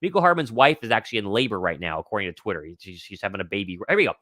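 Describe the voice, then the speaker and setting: A young man hosting a live sports stream, talking with excitable confidence and reading out viewers' questions. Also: on the low side, rapid-fire, dry recording, clean studio sound. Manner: excitable, confident, reads chat questions aloud. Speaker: host of a sports livestream. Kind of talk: live pregame Q&A commentary.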